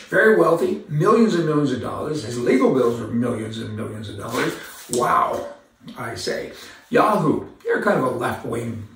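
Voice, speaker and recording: A man's voice: a little high, creaky. A man hosting an opinionated commentary monologue, rambling and sarcastic, with asides and repeated words. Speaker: commentary host. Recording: very echoey room, voice from a distance.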